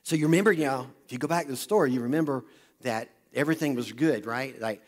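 A man preaching a sermon, retelling a Bible story with animated energy and calling on the congregation to listen up. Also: mid-range voice, fast talker. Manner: animated, talks directly to the congregation. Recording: long hall reverb.

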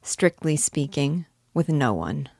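A woman's voice: low voice, sing-song, slow, vocal fry, a little mellow, husky, dry recording, studio quality, full character voice. A woman reading a shy, lonely young man. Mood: earnest. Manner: earnest, hesitant. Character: shy solitary young man, earnest and wistful. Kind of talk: audiobook character reading.

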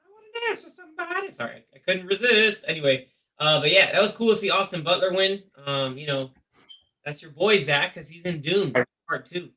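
A man co-hosting a podcast, his voice bright and sitting a little high for a man. He talks in a chatty, lively way and drives the conversation forward. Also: normal speed. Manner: chatty, lively, leads the talk. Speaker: podcast co-host. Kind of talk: casual chat about film awards.

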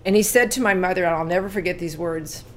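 A Californian woman in her sixties tells her life story as an interview guest, earnest and animated while recounting but quiet at painful moments. She talks fast in a lowish voice, with slight background noise.

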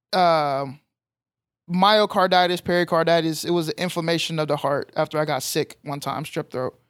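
Animated young man telling a story. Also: sits high, no echo, clean studio sound. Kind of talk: casual storytelling chat.

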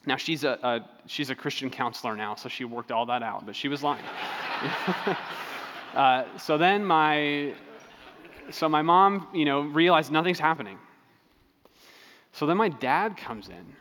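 A man preaching a sermon in a relaxed, conversational way, telling stories with frequent fillers and restarts. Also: medium pitch, in a large hall. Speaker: pastor.

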